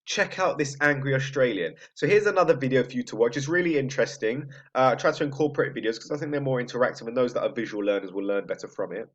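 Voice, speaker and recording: A man's voice: mid-range voice, fast, hardly any pauses. Man teaching with a loose, chatty manner. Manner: conversational, frequent "right?" checks and restarts. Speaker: psychology teacher. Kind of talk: recorded lecture. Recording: slightly dull lo-fi audio.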